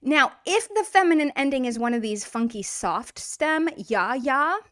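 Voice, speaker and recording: A woman with a slightly high voice runs a casual language lesson, talking it through in an upbeat, chatty way. She often slows down to repeat words for pronunciation. The sound is dry and close, with no room echo. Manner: lively, repeats and models pronunciations slowly. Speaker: Russian language teacher.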